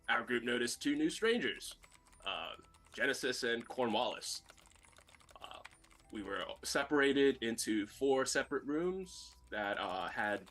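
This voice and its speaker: A man playing in a tabletop game, recapping the last session in a halting way, full of filler sounds. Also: mid-range voice, fairly bright tone. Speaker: player.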